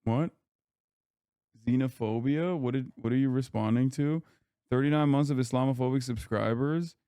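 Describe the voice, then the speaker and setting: A man's voice: medium pitch, normal speed, warm tone, smooth, dry recording, studio quality. A man hosting a live stream, reacting to clips with blunt, profane, sarcastic commentary. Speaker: streamer host.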